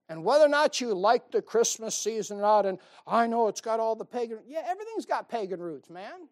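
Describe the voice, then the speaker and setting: Pastor, male, folksy sermon delivery: rhetorical questions, playful asides, swings from hushed to loud. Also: extremely high pitch, a little fast, hardly any pauses. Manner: folksy, animated preaching with rhetorical questions and humor.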